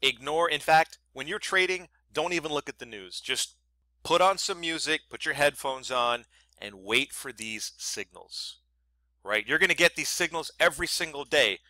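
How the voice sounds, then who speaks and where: A man's voice: a little high, pushed and bright, no echo. A man giving a screen-share trading tutorial in a blunt, profane, emphatic way, sounding annoyed and often asking "right?" to check that the viewer follows. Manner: keeps asking "right?" for agreement. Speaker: trading educator.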